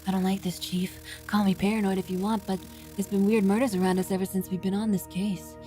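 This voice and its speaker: A woman's voice: mid-range voice, little pitch movement, quick pace, dark tone, soft background music, voice pushed down, natural voice. A woman voicing an uneasy, suspicious detective's assistant in a video game, speaking in a wary, subdued way.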